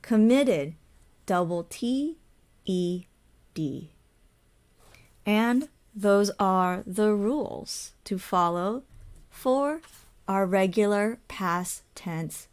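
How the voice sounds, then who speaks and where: A woman teaching an English lesson in a slow, patient way, saying example words and repeating them. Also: medium pitch, animated. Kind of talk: ESL lesson.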